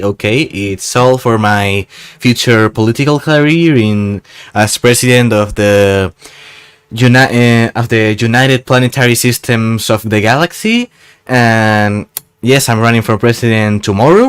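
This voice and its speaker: A man's voice: medium pitch, lively intonation, measured pace, clear, resonant tone. Sarcastic rambling young man. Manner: sarcastic, rambling, tags "okay?" onto sentences. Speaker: gaming YouTuber. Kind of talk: casual voice-over commentary.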